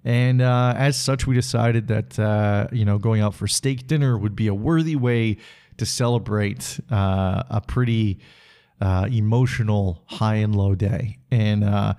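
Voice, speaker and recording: A man's voice: fairly low pitch, unhurried, dark tone, clean tone. A man hosting a reflective solo podcast, rambling through stories with lots of filler words. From Canada. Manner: rambling, heavy with filler words, laughs while telling stories. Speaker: podcast host.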